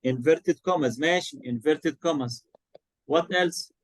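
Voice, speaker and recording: A male teacher with an Arabic accent runs an online English lesson. His voice sits a little high for a man, and he keeps prompting students with questions. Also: normal speed.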